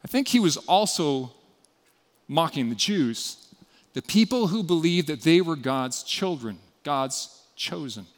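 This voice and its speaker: A man preaching a sermon as pastor, earnest and often dropping to a quiet, intimate tone. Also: fairly high pitch, lively intonation, measured pace. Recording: long hall reverb.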